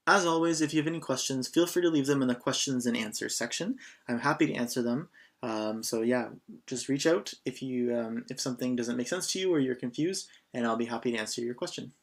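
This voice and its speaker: Male teacher, relaxed online lesson, lots of ums, mid-pitched voice. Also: brisk. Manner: relaxed, with frequent fillers. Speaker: language teacher.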